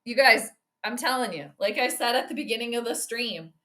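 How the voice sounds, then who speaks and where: A woman hosting a casual live stream, commentating a football game, chatty and excitable, reading chat aloud and laughing often. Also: a little high, fairly quick.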